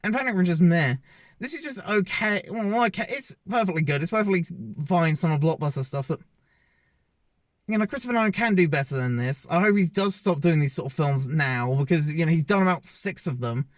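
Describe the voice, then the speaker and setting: Male reviewer, higher voice, dry room, rambling and self-correcting. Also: animated, fairly quick, dry recording. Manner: rambling, opinionated, often correcting himself mid-sentence. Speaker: film reviewer. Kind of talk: casual opinionated movie review. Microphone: self-filmed camera.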